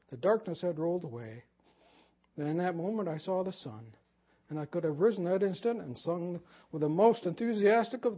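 A man pastor preaching a sermon, swinging from loud emphasis to hushed near-whisper. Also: fairly high pitch, slightly rough. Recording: dull lo-fi sermon recording.

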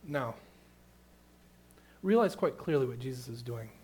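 A middle-aged man preaching a sermon, moving between hushed, tender passages and loud, emphatic questions. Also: mid-range voice, expressive, measured pace, slightly rough. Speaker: pastor.

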